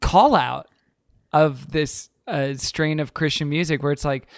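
A man's voice: a little high, measured pace, dry recording, clean studio sound. A man co-hosting a podcast in casual chat, wry and joking. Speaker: podcast co-host.

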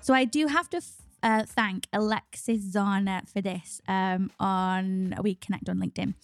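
A woman's voice: medium pitch, steady tone, normal speed, smooth, soft background music. A woman co-hosting a podcast, chatting in an upbeat way and often laughing. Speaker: podcast co-host. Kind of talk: casual podcast chat.

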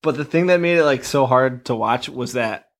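A man's voice: medium pitch, normal speed. A man co-hosting a podcast, chatting casually about a horror movie and chiming in with his reactions. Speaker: podcast co-host.

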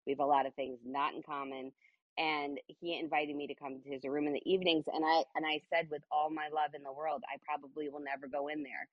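A woman's voice: low-pitched, flat delivery, brisk, no room sound, lo-fi sound. A woman speaking to an audience at a business event, emphatic, repeating phrases and checking in with "okay?". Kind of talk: motivational talk to an audience.

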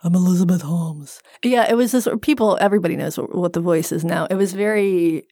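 Female podcast co-host, gravelly voice, wry playful banter, dry close sound. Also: mid-range voice, quick pace, a little mellow, no echo.

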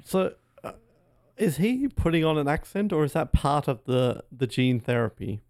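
A young man with a gravelly, fry-tinged voice chats skeptically through a movie commentary. His pitch bounces around a lot, and the sound is close and dry. He keeps a teasing, doubting tone. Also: animated, moderate pace, darkish tone, no room sound. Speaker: podcast co-host. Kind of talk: casual movie commentary chat.

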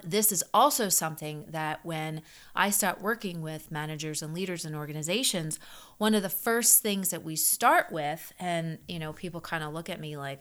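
A woman's voice: lowish voice, a bit bright. A middle-aged woman, a leadership coach, talking casually and earnestly, repeating herself with many fillers. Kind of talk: casual podcast talk.

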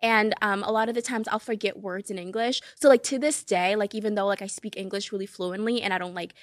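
A young woman from Cape Verde, a native Portuguese speaker, chatting casually as a podcast guest in a studio, animated and swearing freely. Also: medium pitch, fairly quick, no echo. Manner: animated, swearing, laughs often. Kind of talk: casual chat.

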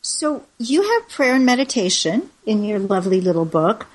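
A woman in her seventies interviewing a guest in an effusive manner, quick to laugh. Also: medium pitch, sing-song, breathy edge. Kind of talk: casual interview chat.

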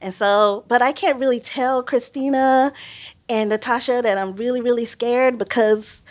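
A woman from Mississippi tells a personal story on stage in an animated, self-mocking way. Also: fairly high pitch, moderate pace. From Mississippi, USA. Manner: animated and self-mocking, acts out quoted voices. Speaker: storyteller, biologist.

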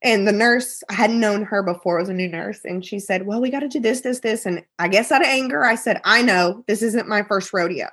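Woman, 30s, podcast guest; husky, animated storyteller who acts out the people she quotes. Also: medium pitch, fairly quick, hardly any pauses. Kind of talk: emotional personal storytelling.

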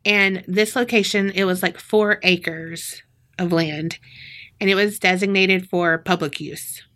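A woman's voice: lowish voice, steady tone, a little slow, fairly bright tone. A woman co-hosting a podcast in casual chat, rambling, giggly and swearing freely. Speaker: podcast co-host.

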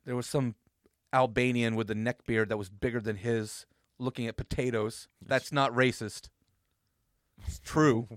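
A man co-hosting a radio show trades casual on-air banter, laughing often and telling stories with lots of energy. His mid-range voice is a little slow, and the recording has no room sound.

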